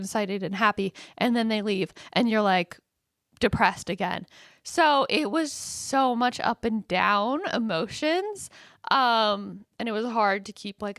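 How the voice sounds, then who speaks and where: A woman's voice: fairly high pitch, fairly bright tone, no echo, clean studio sound. A woman hosting a podcast alone, talking candidly and casually with many fillers, and swinging into dramatic tones when she quotes her own thoughts. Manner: chatty, candid, self-deprecating with frequent fillers. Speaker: podcast host. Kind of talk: casual solo podcast monologue.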